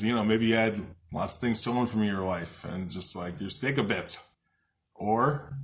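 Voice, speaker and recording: A man's voice: on the low side, fairly bright tone. A man hosting a casual spiritual talk, rambling, joking and swearing freely as he reads from a book. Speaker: host.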